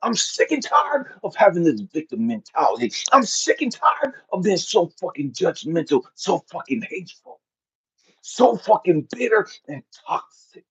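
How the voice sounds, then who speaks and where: A man's voice: high voice, sing-song, moderate pace, slightly rough. Intense profane man preaching self-love. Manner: intense, profane, preacher-like cadence with big swings in loudness. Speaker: motivational speaker. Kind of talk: impassioned motivational monologue. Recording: dull lo-fi audio.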